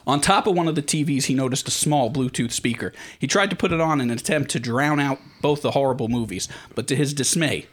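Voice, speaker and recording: A man's voice: medium pitch, quick pace, few pauses. A man hosting a casual comedy podcast, narrating a crude skit and joking with his co-hosts. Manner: joking, swearing, laughing into lines.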